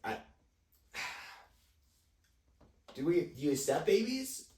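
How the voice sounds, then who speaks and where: A young man co-hosting a podcast, chatting casually with quick, laid-back reactions and jokes. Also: fairly high pitch, sing-song, darkish tone, roomy sound, far from the mic, a little hiss or hum. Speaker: podcast co-host. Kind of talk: casual chat.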